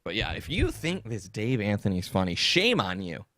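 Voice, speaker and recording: A man hosts a podcast from his computer, ranting in a loose comedic way and laughing as he goes. His pitch swoops widely as he mocks people. The sound is dry and close to the mic. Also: moderate pace, no echo. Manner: animated, mocking, laughs often, jumps between topics. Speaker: podcast host. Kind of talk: casual comedic rant.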